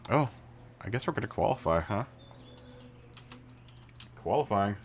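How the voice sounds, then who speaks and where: A man's voice: lowish voice, animated, a little slow, a little hiss or hum. A man live streaming a racing game, chatting casually with viewers, laughing often and restarting his sentences. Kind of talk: casual chat while gaming. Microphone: studio mic through mixer.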